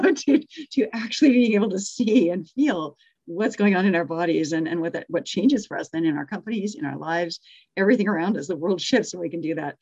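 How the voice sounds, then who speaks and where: A woman leads a group through a guided meditation on a video call, her voice on the lower side and soft as she talks them through the breath. She turns bubbly and excited as she welcomes people back. The audio is dull and lo-fi. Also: breathy edge. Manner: gentle, soothing guidance that turns bubbly and excited. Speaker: meditation teacher leading an online group.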